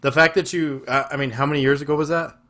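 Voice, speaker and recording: A man's voice: a little high, fairly even intonation, fast, bright, forceful tone. Enthusiastic, profane podcast host man. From West Texas. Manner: enthusiastic, profane, effusive praise. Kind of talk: casual chat. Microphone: video call.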